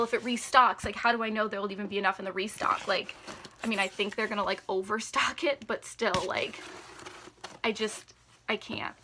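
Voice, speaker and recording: A woman's voice: on the high side, bright, forceful tone, a little hiss or hum. A woman chatting casually as a beauty vlogger through an unboxing, gushing, full of "like" fillers and sometimes dropping to a near whisper.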